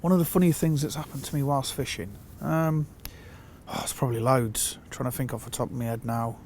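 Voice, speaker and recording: A man telling a fishing anecdote in a casual, animated way, acting out the quotes. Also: medium pitch, brisk, a little hiss or hum. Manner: animated storyteller who acts out quotes. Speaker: fishing consultant.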